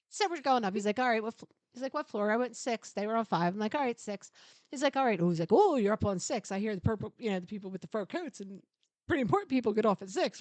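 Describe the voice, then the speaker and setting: A middle-aged woman co-hosting a podcast, telling a long story in casual chat, animated, laughing often and swearing freely. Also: on the high side, no room sound. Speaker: podcast co-host.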